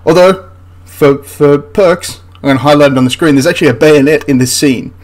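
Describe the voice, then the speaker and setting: A man's voice: a little high, fairly quick. A man hosting a history channel, ranting through a film critique in an exasperated, rambling way with frequent restarts.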